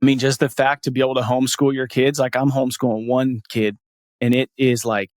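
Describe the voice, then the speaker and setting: A man hosting a podcast, talking in an energetic, casual, encouraging way full of slang, close to the mic. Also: mid-range voice, fairly quick, no echo. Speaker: podcast host. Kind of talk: casual conversation.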